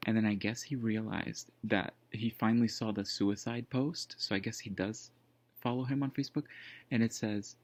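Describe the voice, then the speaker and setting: A man's voice: on the low side, fairly even intonation, moderate pace, no room sound. A man casually telling a personal story, rambling with lots of fillers and restarts. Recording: dull lo-fi dry sound.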